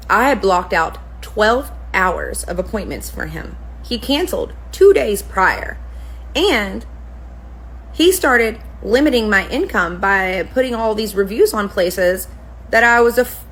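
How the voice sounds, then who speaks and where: A woman's voice: medium pitch, a bit bright, slight background noise, poor audio. A woman who runs a spa, telling a story to camera in a casual, profane rant. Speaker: spa owner, permanent makeup artist.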